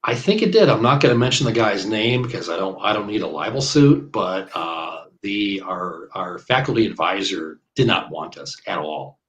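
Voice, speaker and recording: A man in his fifties from the American Midwest talks in a very low voice. He rambles through stories in casual interview chat, full of fillers and side tangents. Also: lively intonation, normal speed, hardly any pauses, a bit bright, rough recording. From Iowa, US Midwest. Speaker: guest bowler.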